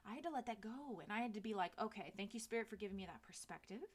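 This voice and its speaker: A woman's voice: mid-range voice, expressive, rapid-fire, husky. A woman in her thirties giving a casual tarot reading, chatty and candid, swearing freely. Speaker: tarot reader.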